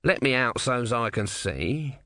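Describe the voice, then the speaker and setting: A man voicing a grumpy, demanding little male tortoise god in an audiobook, talking in a gruff, bossy way. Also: medium pitch, lively intonation, unhurried, pushed and bright, no echo, clean studio sound. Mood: grumbling.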